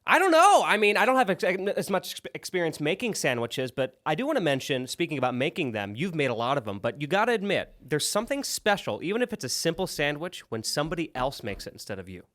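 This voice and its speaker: Male podcast co-host, slightly higher voice, laid-back meandering banter. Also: very animated, fast, few pauses, a bit bright. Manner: easygoing, rambling, hesitant with fillers. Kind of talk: casual chat.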